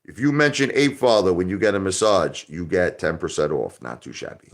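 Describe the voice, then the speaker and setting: A man hosting a live stream in casual, rambling talk, joking loudly at times and turning quiet and somber at others. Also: sits low, a little fast, creaky. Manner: loud, joking, rambling, swings into soft somber tones.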